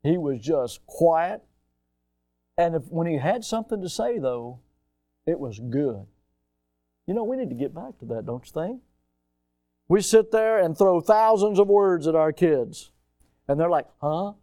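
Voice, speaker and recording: Middle-aged male preacher, higher voice, dry close sound, sermon delivery that swings from hushed to shouting. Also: animated, unhurried, pauses often, dry recording. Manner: conversational preaching, swings from hushed asides to loud shouted outbursts. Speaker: pastor.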